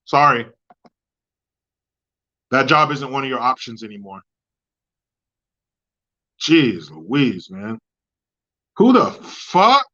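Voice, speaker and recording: A man hosting a livestream, ranting in crude commentary and reading chat, with mocking jabs that swing from loud outbursts to low mutters. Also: lively intonation, takes it slowly, pauses often, dull audio. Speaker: livestream host.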